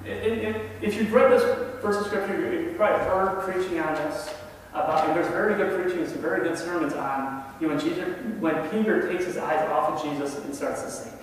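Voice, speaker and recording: A man's voice: a little high, fairly even intonation, fairly quick, a little hiss or hum. A man preaching a conversational sermon in a church, often asking the congregation questions. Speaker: lay preacher. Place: church sanctuary. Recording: echoey hall, voice from far off.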